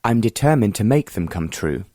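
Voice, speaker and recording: A man's voice: on the low side, lively intonation, normal speed, warm tone, no echo, clean studio sound, lightly acted. A man reading a bold, determined young heiress.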